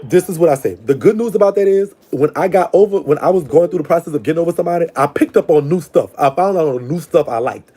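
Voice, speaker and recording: A man's voice: fairly high pitch, lively intonation, fast, few pauses, breathy edge. A man hosting a live call-in show, giving blunt, slangy advice. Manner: blunt, slangy, talks back to callers warmly. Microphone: live stream call-in setup.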